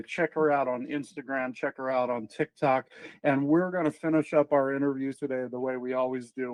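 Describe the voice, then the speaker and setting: A man's voice: mid-range voice, darkish tone, no echo, poor audio. A man hosting a podcast interview, reacting briefly and wrapping up in an upbeat manner. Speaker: podcast host.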